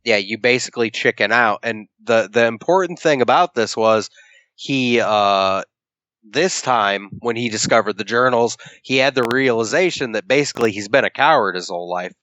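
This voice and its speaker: A podcast co-host with a mid-range, fairly bright voice speaks at a moderate pace in dull, lo-fi podcast audio with no echo. In casual chat he retells a comic book's story at length, acting out the characters' lines and swearing freely.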